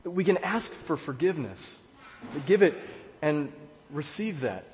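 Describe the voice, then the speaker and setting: A male pastor tells a personal story in his sermon, pausing often and circling back over his words. His voice sits a little high for a man, and it rings out with a long reverb as if he is speaking in a large church hall. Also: big pitch swings, a little hiss or hum. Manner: storytelling with pauses and repeated words.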